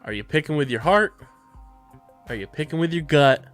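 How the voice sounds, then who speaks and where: A man's voice: a little high, lively intonation, normal speed, a bit bright, soft background music. A man co-hosting a casual sports podcast, upbeat and jokey, reading sponsor spots in a hype voice. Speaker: podcast co-host.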